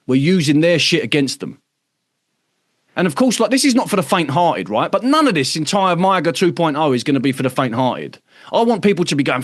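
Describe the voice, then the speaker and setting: A British man hosts an online workshop as a casual livestream for members, speaking emphatically with plenty of swearing and tag questions like "right?". His fairly high voice is very animated and fairly quick, and he acts out other people's voices mid-talk. The studio sound is clean, with no room sound.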